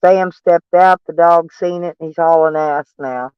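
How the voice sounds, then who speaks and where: Man with a stuffy nose, casual van-life chat, rambling, high smooth voice, dry close sound. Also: fairly even intonation, measured pace, no room sound, highs cut off. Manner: rambling, plainspoken, chatty. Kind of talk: casual live chat with viewers. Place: in a van, door open.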